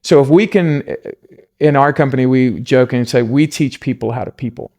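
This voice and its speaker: Earnest man with a gravelly voice. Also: medium pitch, normal speed, mellow. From South Africa. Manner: earnest, heartfelt, coaching tone. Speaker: guest. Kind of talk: casual podcast conversation.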